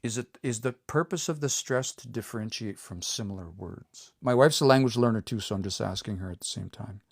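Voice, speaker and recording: A man teaching pronunciation on a livestream, repeating words slowly and coaching learners to say them out loud. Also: lowish voice, gravelly, husky, no echo, studio quality. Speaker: language teacher.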